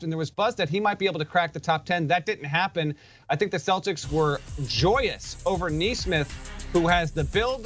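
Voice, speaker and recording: A man giving energetic, enthusiastic basketball analysis. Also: sits high. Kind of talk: sports analysis.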